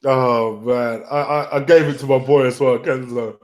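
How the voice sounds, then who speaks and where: A man in casual football chat, excitable and swearing, stumbling over his words. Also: medium pitch, moderate pace. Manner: excitable, swears, stammers on restarts. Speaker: football podcast guest.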